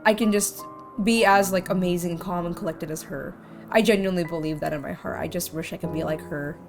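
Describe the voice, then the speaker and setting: A woman's voice: lowish voice, fairly even intonation, brisk. A woman streamer giving casual let's-play commentary, rambling and heartfelt with lots of "like". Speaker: game streamer. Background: faint game music.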